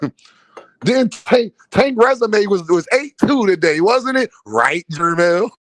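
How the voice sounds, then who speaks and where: A man's voice: very high-pitched, animated, unhurried, no room sound. A man hosting a boxing live stream in casual, slangy talk, laughing often, mocking, and talking to his chat. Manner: laughs a lot, mocking, repeats a running catchphrase.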